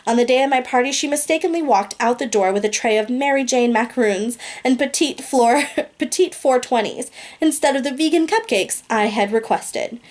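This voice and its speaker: Brief: young woman, slightly high voice, casual giggly reader of a comic novel. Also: normal speed, darkish tone. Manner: amused, giggles often, drawling profanity. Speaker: audiobook reader.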